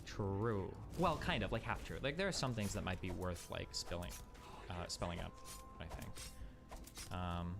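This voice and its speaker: A streamer with a lowish, creaky voice chats casually on his livestream, rattling on quickly with plenty of fillers and profanity. He sounds blunt and fed up.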